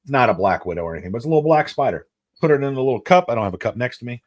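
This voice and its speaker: A man's voice: mid-range voice, very animated, very fast. A man co-hosting a podcast from a basement, rambling through casual, profane stories. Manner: rambling, profane, laid-back storyteller. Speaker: podcast co-host. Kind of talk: casual chat.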